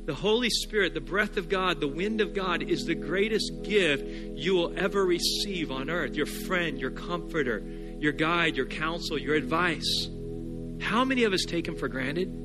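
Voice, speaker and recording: A man in his thirties, a pastor preaching a sermon, playful and animated in his stories and then hushed and earnest. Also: on the high side, moderate pace, music in the background.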